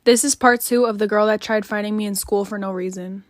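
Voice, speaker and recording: A woman's voice: medium pitch, steady tone, fairly quick, few pauses, dry recording. A woman telling a casual storytime close to a phone mic, chatty with lots of "like" fillers and casual swearing.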